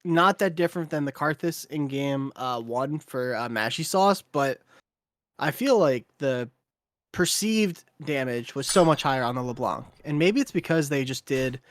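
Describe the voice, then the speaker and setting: A man giving color commentary on a live esports match, laid-back and halting, with many fillers. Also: medium pitch, animated, dry recording. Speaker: esports co-caster.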